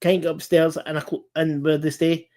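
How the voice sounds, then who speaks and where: A man hosting a casual live-stream chat, talking earnestly in halting bursts with many restarts and repeated words. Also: a little high, little pitch movement, dark tone.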